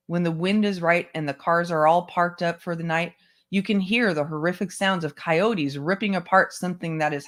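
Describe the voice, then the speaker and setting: Measured memoir reading by a book club host. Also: mid-range voice, fairly bright tone. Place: home setup, online stream.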